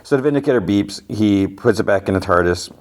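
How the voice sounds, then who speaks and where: Here a man hosts a podcast and walks through a TV episode in a rambling, filler-heavy way, heavy on "like" and "you know"; his lowish voice is fairly quick and a little mellow.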